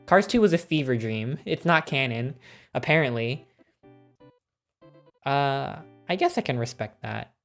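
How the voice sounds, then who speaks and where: A woman streaming casually, ranking films with excited, swear-filled chat and frequent laughter. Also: rumbling low, unhurried, pauses often, soft background music.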